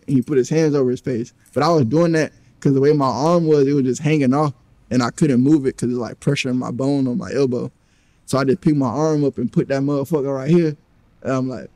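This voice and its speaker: A man recounts a story in an interview, acting out the quoted exchanges as he goes. His voice is mellow and dark, recorded dry and close with no room sound. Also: mid-range voice, fairly quick, no room sound. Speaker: interview guest.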